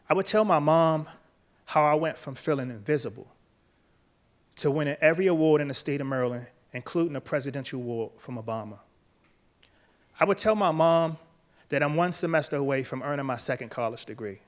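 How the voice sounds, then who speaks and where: A man, earnest and measured, telling his own story on stage to an audience. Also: a little high. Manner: earnest, measured, quiet at emotional moments. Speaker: author and speaker. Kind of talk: personal storytelling talk, then interview answers. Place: event stage before a live audience.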